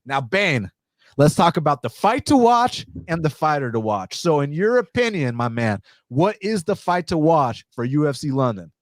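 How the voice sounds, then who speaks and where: A man hosting a fight podcast with hyped, energetic, casually profane talk. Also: on the high side, moderate pace, no room sound, clean studio sound. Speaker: podcast host.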